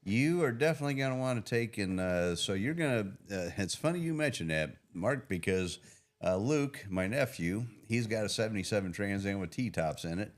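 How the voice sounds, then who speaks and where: A middle-aged man, an engine builder, chatting loudly on a podcast and laughing often as he rambles about his work. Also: fairly low pitch, animated, moderate pace. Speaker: engine builder and shop owner. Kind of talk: casual podcast chat.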